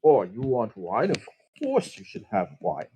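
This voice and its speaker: A man's voice: lowish voice, wildly swooping pitch, measured pace, dark tone, a little hiss or hum. A man voicing a smug, condescending male troupe leader who mocks others in a tabletop game. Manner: showy, condescending.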